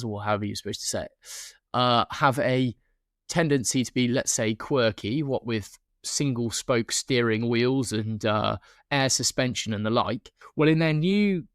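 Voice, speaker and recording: A man's voice: medium pitch, animated, moderate pace, dry recording. Man, podcast co-host, rambling, dry close sound. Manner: rambling, many restarts and fillers. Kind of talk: casual podcast chat.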